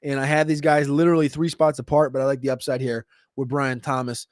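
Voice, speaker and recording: A man hosting a casual livestream Q&A, answering viewer questions in a quick, chatty way with sudden jumps in pitch. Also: level tone, dry recording, studio quality. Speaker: fantasy football show host.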